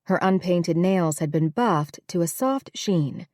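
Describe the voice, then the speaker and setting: Woman audiobook narrator, low, steady, dry close recording. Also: measured pace, hardly any pauses, no room sound. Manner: steady, even reading. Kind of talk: scripted narration.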